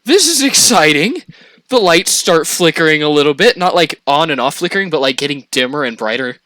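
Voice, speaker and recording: A young man casually telling a story on a podcast, animated and profane, laughing as he goes. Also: on the high side, fast talker, no room sound.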